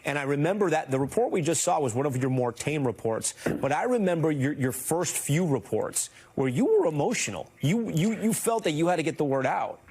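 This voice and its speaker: A man's voice: a little high, animated, a little mellow, breathy edge. Man anchoring a news broadcast. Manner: measured, conversational questioning. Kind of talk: broadcast news narration and interviewing.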